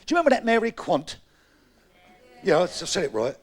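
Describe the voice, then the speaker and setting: A man with a London Cockney accent doing a bawdy live stand-up routine, with a gravelly voice and punchy, brash delivery. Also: high voice, big pitch swings, quick pace, loud music behind the voice. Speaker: stand-up comedian. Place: comedy club stage. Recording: live club recording with crowd. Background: audience murmur and laughter.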